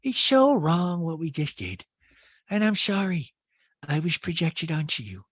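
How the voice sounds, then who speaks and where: A man doing a high, wavering impression of a tearful, dramatic middle-aged woman from a reality show. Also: wildly swooping pitch, a little slow, slightly rough, dry recording, studio quality, full character voice. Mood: emotional pleading. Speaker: podcast host doing an impression.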